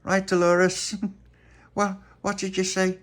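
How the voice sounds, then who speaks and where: A man's voice: sits high, monotone, slow, voice pushed up. Little Pappy, a man doing an earnest boy.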